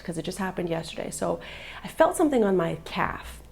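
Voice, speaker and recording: A woman's voice: on the low side, very animated, fairly quick, vocal fry, a little mellow, a little hiss or hum. A mother vlogging live, telling an upsetting story in an agitated, emotional way and filling it with "like.". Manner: agitated, upset retelling with many "like" fillers.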